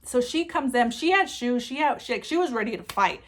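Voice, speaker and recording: A woman's voice: fairly high pitch, lively intonation, brisk. Chatty young woman swearing freely. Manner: chatty, swears freely, many filler words. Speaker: vlogger. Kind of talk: casual storytime.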